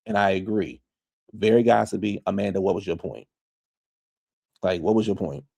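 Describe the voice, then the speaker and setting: Gravelly-voiced man doing a gossipy recap. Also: deep voice, normal speed, dark tone. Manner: chatty, gossipy, opinionated, addresses viewers as y'all. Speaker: reality TV recap host. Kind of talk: casual recap commentary.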